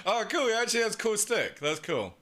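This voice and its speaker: A man reacting casually on a live stream, excitable, swearing freely and laughing often. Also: high-pitched.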